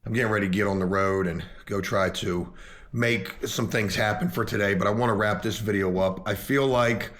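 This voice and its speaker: A man's voice: lowish voice, fairly even intonation, moderate pace, fairly bright tone. Earnest middle-aged man vlogging from his car. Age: 40s. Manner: earnest, rambling, self-deprecating. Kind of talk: casual vlog talk to camera.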